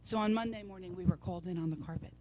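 Woman preaching a lively testimony. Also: on the low side, very fast, slight background noise. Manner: storytelling, animated, acts out quoted voices. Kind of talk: testimony sermon. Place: church service.

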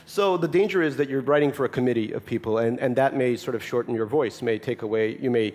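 A man's voice: mid-range voice, quick pace, darkish tone. A man in his forties, from Russia, answering audience questions at a festival talk with wry, self-mocking humor. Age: 40s. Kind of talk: live festival Q&A, joking.

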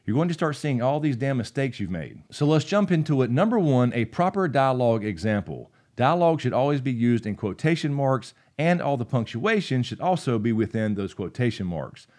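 A man's voice: mid-range voice, big pitch swings, fairly quick, few pauses, a little mellow. A young man hosting a writing channel, explaining dialogue punctuation in a casual, upbeat way and reading short example passages aloud. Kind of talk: instructional video talk.

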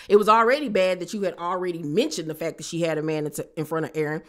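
A woman giving a casual, sassy recap of a reality TV episode, talking straight to her viewers with animated asides. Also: on the low side, fast talker, few pauses.

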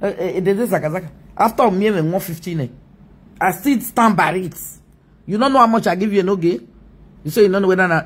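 A woman's voice: medium pitch, animated, fairly quick, breathy edge. A Nigerian woman ranting mockingly on a live video, scolding and laughing often.

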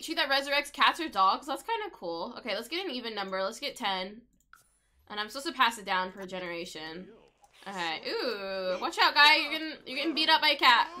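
Playing a life-simulation game, a young gaming video creator chats casually throughout and frequently addresses the on-screen pets. She speaks with a slightly high, sharp-toned voice.

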